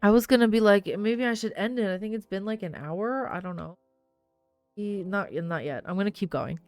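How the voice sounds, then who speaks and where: A woman hosting a gaming channel who chats casually and giggles as she reacts with quick asides. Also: mid-range voice, expressive, a little mellow, faint music behind. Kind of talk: casual let's-play commentary.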